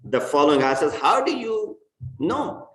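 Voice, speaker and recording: Emphatic preacher in an echoey mosque. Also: male voice, fairly high pitch, very animated, moderate pace, a bit bright. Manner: emphatic, rising and falling for stress. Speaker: imam. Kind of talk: sermon. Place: mosque hall. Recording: echoey mosque hall from far off.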